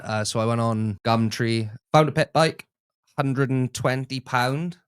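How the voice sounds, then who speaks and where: A young man co-hosting a casual stream, telling stories in a relaxed, easygoing way. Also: medium pitch, unhurried, smooth. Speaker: co-host. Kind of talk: casual live-stream chat.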